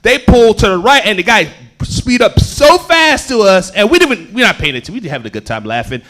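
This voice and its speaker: A stand-up comedian from Houston, Texas, telling animated stories on a comedy club stage and acting out the people in them. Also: male voice, sits high, fast. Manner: animated storytelling with acted-out voices.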